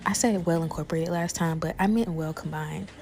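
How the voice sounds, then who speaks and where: A woman's voice: low voice, brisk, vocal fry, darkish tone, slight background noise. Chatty woman cooking for viewers. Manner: chatty, talks straight to viewers, calls them y'all and besties. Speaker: cooking creator. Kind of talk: casual cooking vlog chat.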